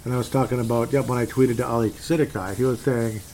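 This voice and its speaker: A man's voice: medium pitch, steady tone, fast, darkish tone, slight background noise. A man ranting in a casual, rambling way about his team's game, reading posts aloud and sounding fed up. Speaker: sports fan commentator. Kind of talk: casual solo sports rant.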